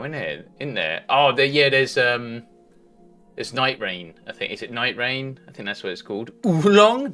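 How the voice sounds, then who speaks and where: A man's voice: on the low side, pushed and bright. A man livestreaming a game, chatting casually in a rambling, sweary way at a home desk mic. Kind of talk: casual chat while gaming.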